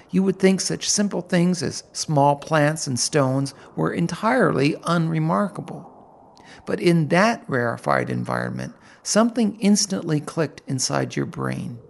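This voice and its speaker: Gravelly man narrating a story. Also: a little high. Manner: vivid, unhurried, descriptive storytelling. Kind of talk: first-person audiobook narration.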